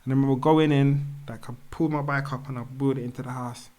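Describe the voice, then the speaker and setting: A man's voice: medium pitch, fairly even intonation, quick pace, darkish tone. A man, a podcast guest telling a personal story in candid, slangy talk and acting out the dialogue. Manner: candid, slangy, acts out dialogue in quoted speech. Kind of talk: casual storytelling conversation.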